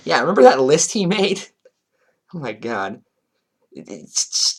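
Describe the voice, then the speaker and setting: A man's voice: fairly high pitch, very animated, takes it slowly, slightly rough. A man doing a commentary vlog, reading chat logs aloud and breaking in with sarcastic, chuckling asides. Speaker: commentary YouTuber.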